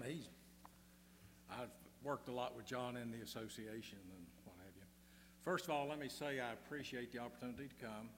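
A man's voice: mid-range voice, fairly bright tone. Easygoing guy rambling through a funny talk, echoey hall, little hum behind. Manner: easygoing, rambling, many "uh" fillers. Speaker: guest speaker at a church gathering. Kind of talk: folksy humorous speech with tall tales.

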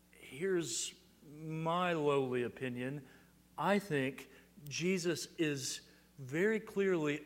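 A man preaching a sermon, explaining scripture verse by verse, building to emphatic peaks and dropping to quiet asides. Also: a little high, in a large hall. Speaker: pastor.

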